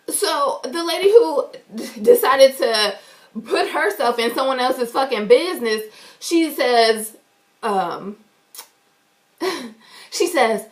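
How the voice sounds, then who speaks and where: A woman's voice: high-pitched, animated, slow, fairly bright tone. A woman vlogger telling a story in an indignant, emphatic way, swearing freely. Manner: indignant, emphatic and profane retelling. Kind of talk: storytime vlog.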